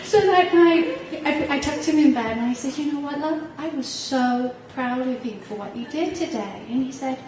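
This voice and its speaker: A woman's voice: sits high, normal speed, hardly any pauses, noisy background. A middle-aged woman, a parent on a panel, telling a heartfelt personal story with some laughter, recorded from a distance in a hall. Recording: echoey room heard from far off.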